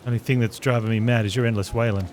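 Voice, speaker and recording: A man's voice: mid-range voice, steady tone, quick pace, a little hiss or hum, close to an everyday voice. A man reading as a brash, scornful warrior woman. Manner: blunt, mocking, swaggering. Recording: loud game music behind.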